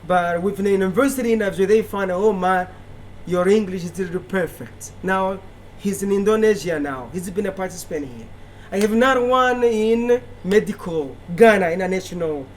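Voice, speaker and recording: High-pitched, emphatic Burundian man. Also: a little hiss or hum. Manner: enthusiastic, emphatic, demonstrating pronunciation examples. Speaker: English teacher. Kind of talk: interview answers.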